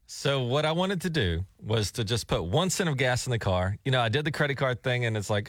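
Animated male radio co-host, dry studio sound. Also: mid-range voice, a little fast, few pauses, no echo. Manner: animated storytelling, chuckling. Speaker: radio morning show co-host. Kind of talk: casual radio banter. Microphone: studio microphone.

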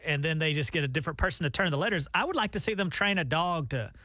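A man's voice: fairly high pitch, animated, fast, sharp tone, no room sound. A man co-hosting a morning radio show, chatty and bringing up stories to talk about. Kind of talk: casual morning radio banter. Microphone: studio microphone.

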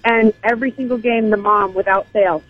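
A woman's voice: mid-range voice, fairly even intonation, a little fast, faint music behind. A woman calling in to a radio show, amused and friendly, heard over a dull phone line. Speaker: caller. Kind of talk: phone-in chat.

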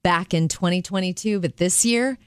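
A woman's voice: on the low side, moderate pace, clear, resonant tone, no room sound, studio quality. A middle-aged woman co-hosting a talk show, chatting upbeat and reading short news items. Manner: upbeat, reads news teasers. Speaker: radio show co-host. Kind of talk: casual chat.

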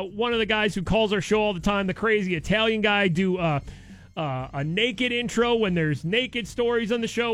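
A man hosting a radio morning show, joking excitably and reading out listener tweets. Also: high-pitched. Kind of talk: casual radio banter.

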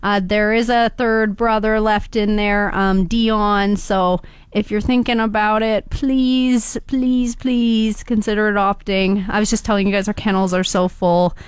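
A woman's voice: mid-range voice, little pitch movement, normal speed, few pauses, smooth, no echo. Bubbly woman guest on radio. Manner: bubbly, chatty, laughs often. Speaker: animal shelter guest. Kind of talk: casual radio interview.

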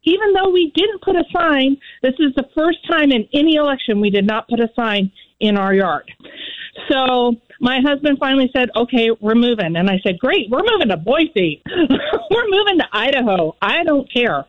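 A woman calling in to a talk show, her voice thin and tinny over a phone line. She sounds chatty and folksy, with a fairly high pitch and a dry sound. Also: big pitch swings, normal speed, no echo. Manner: chatty, folksy, laughs while talking. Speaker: caller. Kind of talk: call-in chat.

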